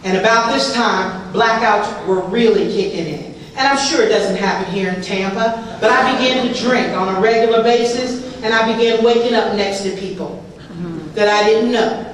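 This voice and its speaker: A woman's voice: fairly high pitch, moderate pace, recorded from a distance. A woman telling her own life story to an audience, wry and self-mocking, with a comic touch. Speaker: speaker sharing a recovery story. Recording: echoey hall, heard from afar.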